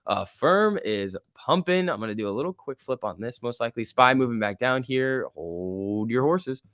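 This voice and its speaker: A man hosting a casual livestream, giving excitable running commentary and answering chat. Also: mid-range voice, brisk, smooth, dry recording, studio quality. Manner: excitable, reacts aloud and reads chat. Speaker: livestream host. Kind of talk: casual live market commentary.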